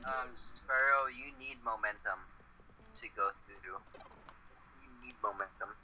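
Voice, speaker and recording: A man's voice: medium pitch, a little slow, pushed and bright, faint music behind, poor audio. A man in casual gaming chat, teasing a friend and joking about the game. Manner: teasing, joking commentary with laughter.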